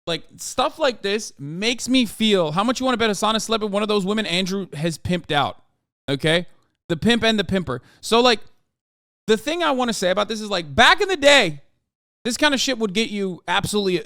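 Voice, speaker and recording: An exasperated man rants on a livestream, cursing and stressing each point with a demanding "okay?". His voice sits high and comes through smooth and clear. The sound is close and dry, with no room around it. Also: bright, forceful tone, no room sound. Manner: exasperated, profane, emphatic, repeats "okay?". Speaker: streamer reacting to posts. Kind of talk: casual livestream rant.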